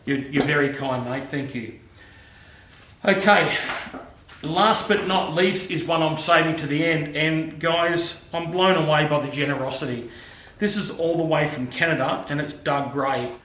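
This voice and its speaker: Bright-voiced Australian man, chatty and matey. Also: fairly high pitch, a little slow, reverberant, a little hiss or hum. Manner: chatty and matey, says "mate" often. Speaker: machining YouTuber. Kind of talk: casual chat to camera. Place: home workshop.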